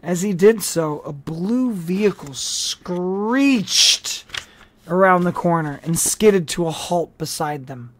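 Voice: mid-range voice, lively intonation, takes it slowly. An audiobook reader narrating a novel with casual asides and small restarts. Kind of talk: storybook narration.

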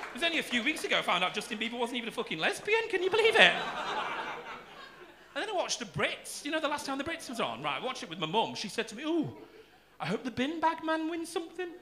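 Man, forties, stand-up comic, camp and cheeky, high lively voice, noisy club with audience. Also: fast. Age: 40s. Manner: camp, cheeky crowd work with swearing. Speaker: stand-up comedian. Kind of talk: stand-up comedy set. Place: comedy club stage. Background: audience laughter.

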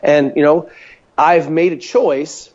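Male guest on a muffled call line, animated and rambling, fairly high voice. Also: slow pace. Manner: animated storyteller, many fillers. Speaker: guest, mobility coach. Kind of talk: casual interview by phone call. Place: home kitchen, standing at counter. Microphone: phone or call line. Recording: dull lo-fi call audio.

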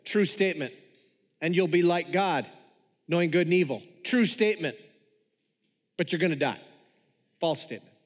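Guy preaching a sermon, bit high voice, chatty and joking, big echoey hall. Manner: conversational, joking with the congregation. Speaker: pastor.

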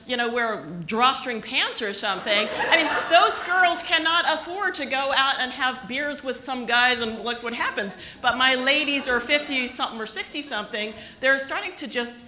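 A woman delivers a comic keynote in a chatty, self-mocking storytelling way. Her voice is bright and sits a little high. The sound carries the echo of a large hall, with faint background noise underneath. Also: moderate pace, hardly any pauses. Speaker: keynote speaker. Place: conference hall with a live audience. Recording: echoey hall recording.

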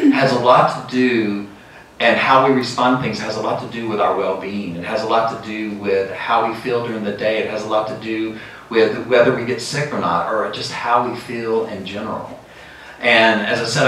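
A middle-aged man giving a lively sermon as a guest speaker, often breaking into laughter and acting out sounds. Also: fairly low pitch, far from the mic, a little hiss or hum. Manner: lively, laughing often, acts out sheep calls. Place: large church sanctuary. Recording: very echoey church hall from afar.

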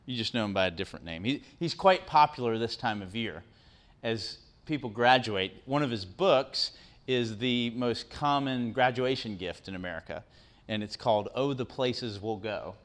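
A man's voice: mid-range voice, lively intonation, normal speed, a bit bright. A middle-aged man giving a conversational motivational talk to students, often asking the audience questions and tagging on "right?". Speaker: guest speaker. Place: university lecture room.

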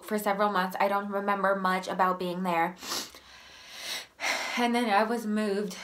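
A young woman speaks straight to her viewers. She has a cold, so she sounds stuffy and a little short of breath. Her voice sighs, climbs and sometimes drops almost to a whisper as she grows emotional. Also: mid-range voice. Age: young adult. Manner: emotional, sighing, voice rising and softening. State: sick with a runny nose. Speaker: vlogger telling her life story. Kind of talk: personal storytelling to camera.

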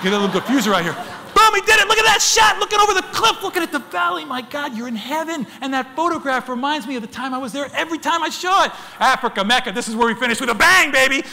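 An American man gives a lively wildlife photography talk, telling dramatic stories and acting out sounds and voices while calling the audience "folks." His very high voice is animated and fast, with vocal fry and a pushed, bright quality. A little hiss or hum sits under the long hall reverb.

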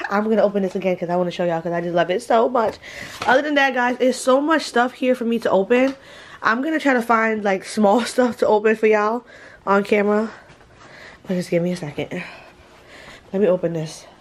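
A woman's voice: medium pitch, fairly quick. A young woman, out of breath, chatting casually and laughing often as she vlogs from a messy room at home. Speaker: vlogger. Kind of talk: casual vlog chat.

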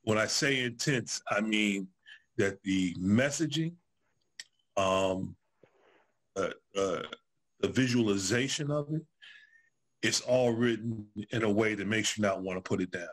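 A man's voice: fairly low pitch, measured pace, pauses often, a bit bright. A man hosting a book talk, introducing the guest in a hesitant way with many fillers. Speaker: host.

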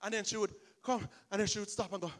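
A man preaches with a high, bright voice that cuts through clearly. He tells his story in an animated way, slipping into the people he describes. The delivery is a pastor's full sermon style. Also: fast talker.

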